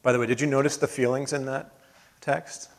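A man preaching a sermon as pastor, earnest, building to emphatic peaks and then dropping soft. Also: mid-range voice, flat delivery, fairly quick, gravelly. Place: church sanctuary.

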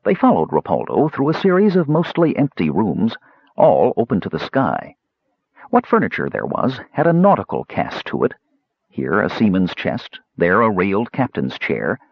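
Husky male audiobook narrator, measured scripted reading with a very lively pitch, dry close lo-fi recording. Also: no room sound.

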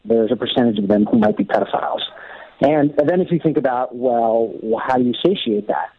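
A man's voice: medium pitch, big pitch swings, brisk, vocal fry, husky, dry recording. A filmmaker on the phone during a radio interview, reasoning his points out aloud. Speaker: guest filmmaker. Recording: tinny phone line.

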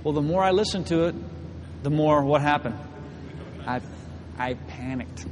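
A young man preaching to a church, telling a personal story in an animated, laughing way. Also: a little high, a little slow, long reverb tail, background noise. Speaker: pastor. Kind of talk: storytelling sermon. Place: church hall.

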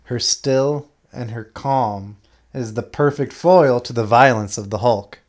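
A woman's voice: extremely low pitch, a little slow, a little mellow. A woman riffing on a movie in casual chat, with dry, sarcastic jokes. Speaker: podcast co-host.

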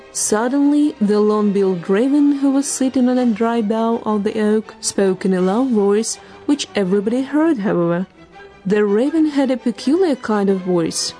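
Female narrator for a fable, mellow, expressive, with soft music under. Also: a little high. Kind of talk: storybook narration.

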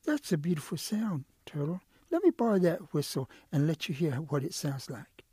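A man's voice: a little high, sing-song, moderate pace, dark tone, husky, no echo. A man voicing a male quail in a told story, a cunning trickster who is eager and pleading. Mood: excited. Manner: coaxing, persuasive.

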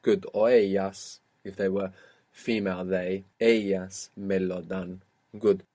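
A man's voice: sits low, little pitch movement, takes it slowly, dark tone. Patient man teaching a language lesson. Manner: patient, prompting and correcting a learner.

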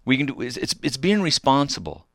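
With a medium-pitched, sing-song, somewhat bright voice, a middle-aged man talks a little fast while hosting a call-in radio program about faith. He speaks earnestly, exhorts his listeners, and frequently starts phrases over; the studio sound is clean with no room tone.

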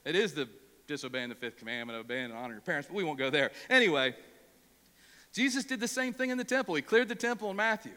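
A man's voice: fairly high pitch, expressive, fast talker, pushed and bright, long reverb tail. A male pastor from Ohio preaching a sermon, emphatic and prone to repeating words when worked up.

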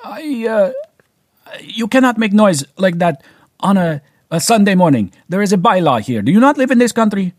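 A man voicing a stern, blunt neighbor woman with a put-on Eastern European accent, scolding loudly in a raised, high voice. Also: big pitch swings, moderate pace, dry recording, studio quality.

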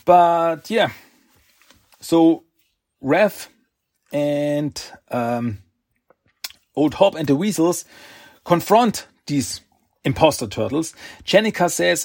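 A man's voice: fairly high pitch, animated, slow pace, creaky, long pauses, darkish tone, no echo, studio quality. A man casually recapping a comic book story, rambling along with restarts, second-guessing himself and chuckling.

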